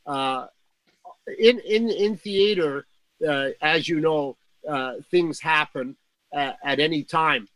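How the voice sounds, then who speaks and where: An older man recounts stories in a rambling, filler-heavy way. His voice is bright and fairly high for a man. The sound is dry and close. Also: slow, dry recording, rough recording. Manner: rambling, many fillers and restarts. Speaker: guest storyteller. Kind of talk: casual anecdote telling.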